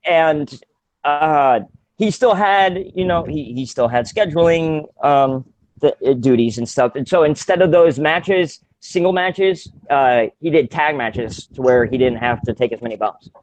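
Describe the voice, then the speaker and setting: A man's voice: fairly high pitch, lively intonation, unhurried, darkish tone, no room sound. A man co-hosting a casual podcast, rambling with many fillers and restarts and laughing often. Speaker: podcast co-host.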